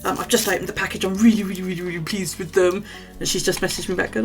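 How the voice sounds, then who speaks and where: A woman's voice: mid-range voice, steady tone, racing, soft background music. A middle-aged British woman vlogging, telling a gossipy story in casual, chatty talk and swearing freely. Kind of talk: casual chat to camera.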